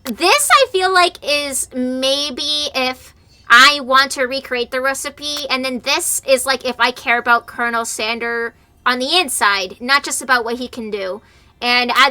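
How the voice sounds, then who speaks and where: A woman's voice: high voice, sharp tone. A young woman streaming a dating game, reading its text aloud and joking about it in a playful way.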